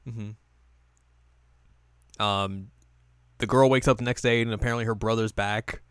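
Male co-host, mid-pitched, smooth clean tone, dry close sound; animated recap, jumps into character voices. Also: measured pace, dry recording. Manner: animated, acts out characters' lines in put-on voices. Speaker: podcast co-host. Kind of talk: casual chat recapping an anime episode.

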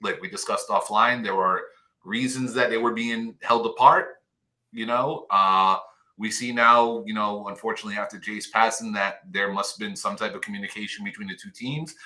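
A man's voice: lowish voice, fairly even intonation, moderate pace, bright, forceful tone. A man talking casually on a podcast, rambling with lots of "you know" and fan enthusiasm. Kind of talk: casual chat.

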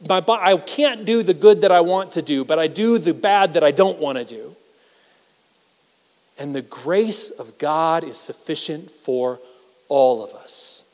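A man preaching a sermon as pastor, talking conversationally and self-deprecatingly, swinging between loud emphasis and hushed asides. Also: sits high. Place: church sanctuary. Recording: reverberant church hall.

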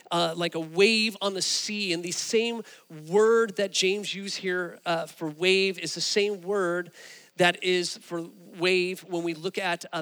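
A man preaching a sermon, telling stories with animated, rising emphasis. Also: sits high, big-room sound. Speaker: pastor.

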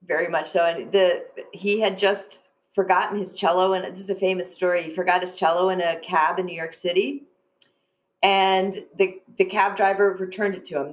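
Middle-aged woman, podcast guest; chatty, animated storyteller, plenty of ums and you-knows. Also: lowish voice, low-quality recording. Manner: chatty, animated, many fillers. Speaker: arts presenter, guest. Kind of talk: casual interview storytelling.

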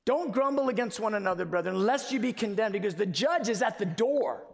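A man preaching a sermon with passion, moving from quiet, conversational stretches to sudden shouted emphasis. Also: high voice, expressive, a little fast, creaky, slight background noise. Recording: long reverb of a large hall.

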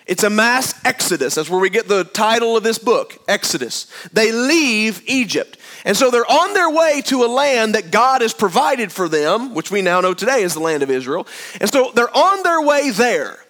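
High-voiced man preaching a sermon. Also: big pitch swings, normal speed, a bit bright. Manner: conversational storytelling, speaks directly to the congregation. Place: room with a gathered congregation.

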